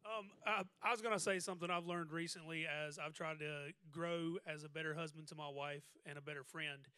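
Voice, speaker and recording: A man's voice: on the high side, steady tone, a little fast, bright, forceful tone, clear, resonant tone, no echo. A man in a church class group discussion, sharing earnestly and reflectively. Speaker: class member.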